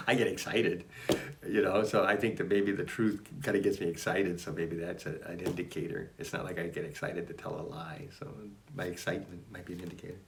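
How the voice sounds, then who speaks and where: A man's voice: sits low, steady tone, moderate pace, vocal fry, a bit bright, slight background noise. A man reading aloud from his own spiritual writings and musing on each line in a rambling, self-interrupting way. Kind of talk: casual spoken reading and reflection.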